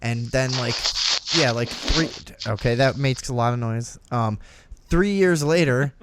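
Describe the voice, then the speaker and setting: A man hosting a talk show, telling a crude story in a profane, animated way. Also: mid-range voice, unhurried, slight background noise. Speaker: podcast host.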